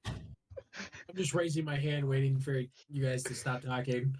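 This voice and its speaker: A woman's voice: rumbling low, measured pace, darkish tone. A woman playing in a tabletop role-play, asking the game master questions. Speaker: player.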